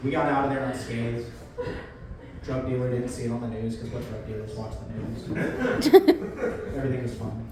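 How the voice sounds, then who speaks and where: A man's voice: mid-range voice, normal speed, long pauses, recorded from a distance, noisy background. A man performing a stand-up comedy set, telling a story with acted-out quotes. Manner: animated storytelling, acting out quotes. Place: beer garden stage before a live crowd. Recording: echoey venue, mic heard from afar, crowd laughter.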